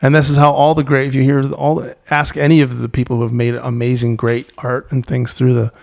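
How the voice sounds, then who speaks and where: A man guest on an interview podcast, speaking reflectively and halting often to search for words. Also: mid-range voice, monotone, creaky. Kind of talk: reflective conversation.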